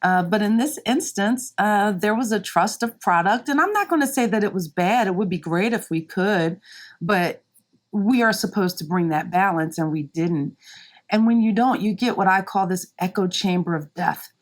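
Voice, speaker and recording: A woman's voice: medium pitch, moderate pace. A woman guest speaking candidly and emphatically, acting out other people's lines in raised voices as she tells a work story. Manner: animated, acts out quotes in raised voices; emphatic, frequent "right?" and "you know". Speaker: podcast guest, marketing leader.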